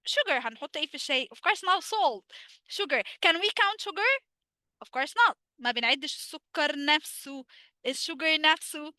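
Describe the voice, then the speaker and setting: Egyptian woman as English teacher, high and very bright voice, dry close sound, lively quiz-style delivery. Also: rapid-fire, no room sound. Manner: animated, asks students rhetorical questions and answers them. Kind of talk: online English lesson, mixing Arabic and English.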